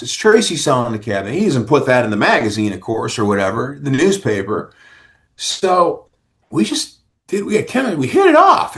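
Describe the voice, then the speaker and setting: A man, a rock singer, telling stories in a casual interview and acting out what others said. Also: medium pitch. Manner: animated storyteller who acts out others' lines.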